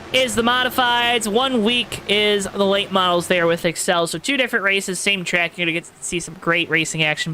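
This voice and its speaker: A man calls an online sim race play-by-play, using an exaggerated announcer voice and addressing viewers directly. His voice is high with a sharp tone, and the rough recording has slight background noise.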